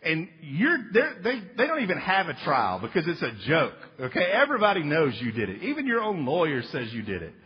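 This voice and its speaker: A high, lively man preaches with joking, emphatic energy and slips into little acted voices. His voice is husky. A long hall reverb and a dull lo-fi recording tone surround him. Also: a little fast, few pauses. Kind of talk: sermon.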